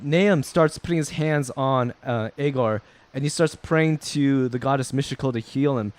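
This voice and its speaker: A man's voice: medium pitch, moderate pace, no room sound. A man narrating a tabletop game as game master, explaining rules and describing scenes with frequent ums.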